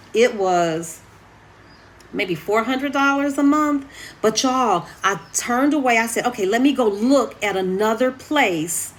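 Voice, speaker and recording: A woman vlogging from her apartment in a chatty, animated way, often calling her viewers y'all. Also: a little high. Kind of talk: casual chat to camera.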